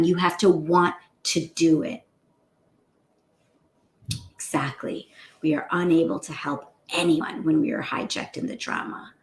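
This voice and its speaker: A woman's voice: fairly low pitch, gravelly, echoey room. A middle-aged woman doctor giving an earnest, emphatic motivational talk to a group. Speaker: physician coach.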